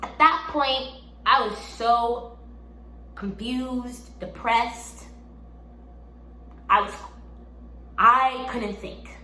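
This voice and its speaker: Animated bright-voiced young woman storyteller. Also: a little high, drawn-out words, pauses often. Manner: animated storytelling, rising into exclaims, repeats phrases. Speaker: vlogger. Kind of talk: storytime testimony. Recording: echoey room, faint background hum.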